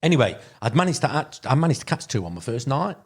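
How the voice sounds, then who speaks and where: A carp angler from Derbyshire, England, appears as a podcast guest and rambles through long fishing stories in casual chat, packed with restarts and fillers. His medium-pitched voice is very animated, fast, and slightly rough.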